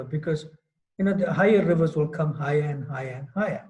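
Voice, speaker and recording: A man teaching a scripture class, retelling a story with lively acted-out quotes and frequent "you know" asides. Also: a little high, a little fast, rough recording. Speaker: monk lecturer.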